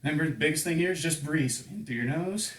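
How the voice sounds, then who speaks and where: A man's voice: on the high side, fast talker. A man coaching a home workout, counting reps and explaining exercises, a bit out of breath as he works out along. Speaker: fitness coach. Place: home room with table and couch. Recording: echoey room, distant mic.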